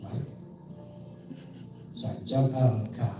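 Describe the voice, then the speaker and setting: South African pastor telling a story. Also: male voice, mid-range voice, measured pace. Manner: animated, leads call-and-response, asks "right?" often. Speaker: pastor giving a gallery talk. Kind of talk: storytelling talk. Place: museum gallery. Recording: echoey gallery from far off with music.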